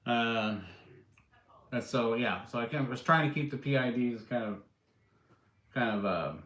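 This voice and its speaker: A man hosting a casual live stream, rambling along with plenty of fillers and restarts. His voice sits at an ordinary middle pitch. The sound carries a noticeable roomy echo. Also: unhurried, fairly bright tone. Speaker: livestream host and drone builder.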